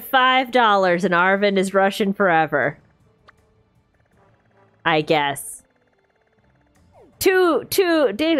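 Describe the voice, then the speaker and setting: A woman streamer gives casual gameplay commentary and chats with her viewers as she plays. She talks in an animated way, with her pitch swooping up and down. Her voice sits at a middle pitch for a woman. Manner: chatty, animated, talks to chat.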